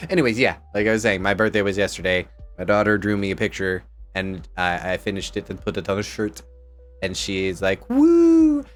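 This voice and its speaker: A man chatting casually on a home live stream, rambling and excitable as he jumps from topic to topic. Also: deep voice, a little fast, soft background music. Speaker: VTuber streamer.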